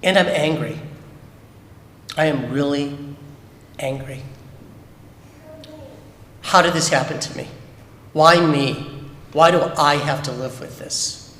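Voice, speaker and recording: A man's voice: on the high side, slow pace, long pauses, fairly bright tone. A man giving a candid, emphatic personal talk at a Shabbat service, full of rhetorical questions. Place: synagogue sanctuary. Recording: echoey hall with long reverb.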